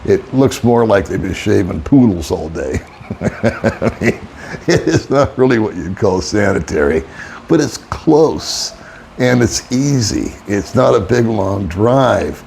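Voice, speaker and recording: A man's voice: fairly low pitch, animated, takes it slowly, creaky, a little mellow, a little hiss or hum. An older man, an expat vlogger, telling a rambling, wry story in casual monologue and chuckling often. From United States.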